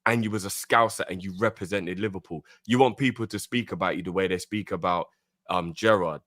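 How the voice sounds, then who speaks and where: A man's voice: deep voice, brisk, a bit bright, no room sound, clean studio sound. A man co-hosting a fan talk show, arguing heatedly and repeating his points insistently. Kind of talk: heated debate, arguing the club's side.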